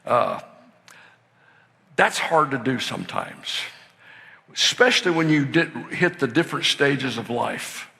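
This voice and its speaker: An older man preaching a sermon, telling stories that swing from hushed to excited shouting. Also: mid-range voice, unhurried, creaky, long pauses. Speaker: pastor. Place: church sanctuary. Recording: long hall reverb in a church.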